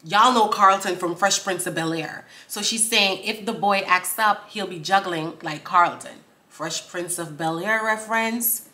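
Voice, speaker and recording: A young woman casually explaining song lyrics in an animated way. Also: mid-range voice, measured pace. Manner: animated, quoting lyrics in a rhythmic chant, laughing. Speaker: song breakdown host. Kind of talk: casual reaction commentary.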